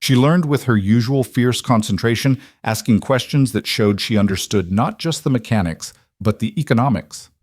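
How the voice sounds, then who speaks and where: A man giving scripted, measured narration of a frontier story. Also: mid-range voice, a little mellow, no echo, studio quality.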